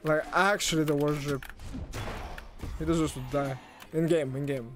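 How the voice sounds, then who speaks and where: A man commentating his own fighting-game stream, excitable and swearing, yelling at big plays. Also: a little high, moderate pace, faint music behind.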